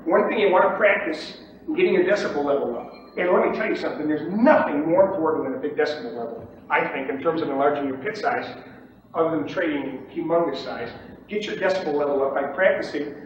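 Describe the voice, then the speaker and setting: A man's voice: fairly high pitch, fast talker. A man teaching commodities trading in a seminar lecture, emphatic and repetitive, often checking in with "okay?". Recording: echoey room, distant mic, dull lo-fi, faint hiss.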